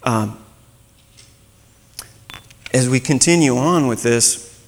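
Guy preaching, chatty, gravelly voice, hall reverb hanging on it. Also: mid-range voice, takes it slowly. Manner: conversational, acts out quoted voices. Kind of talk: sermon. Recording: long reverb.

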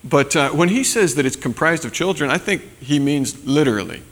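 Pastor, male, slightly high voice, casual sermon with fillers, long hall reverb. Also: expressive, brisk, fairly bright tone. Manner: conversational, many fillers and tag questions.

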